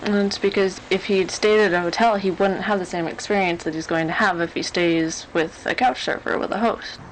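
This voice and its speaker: A woman's voice: medium pitch, fairly even intonation, moderate pace, slight background noise, poor audio. A woman speaking enthusiastically about hosting guests in an interview. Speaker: interviewee, couch-surfing host. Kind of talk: casual interview talk.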